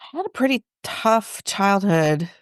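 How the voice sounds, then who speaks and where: A therapist appears as a guest in a casual interview, her mid-range voice lively in intonation and a little slow. The studio-quality audio is smooth with no room sound, and she reflects aloud, questions herself, and laughs often.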